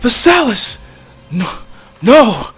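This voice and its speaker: A man voicing a fierce young male warrior hero who shouts his lines. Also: very high voice, very animated, drawn-out words, husky, faint music behind, pitched above the performer's own voice, full character voice. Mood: anguished. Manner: shouting battle cries.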